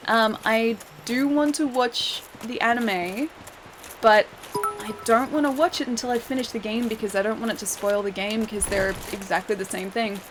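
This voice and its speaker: Game music plays clearly behind a fairly high-pitched woman speaking at normal speed, with slight background noise. She's an Australian streamer chatting casually while gaming, reading viewers' comments aloud and reacting to the fight with frequent laughter.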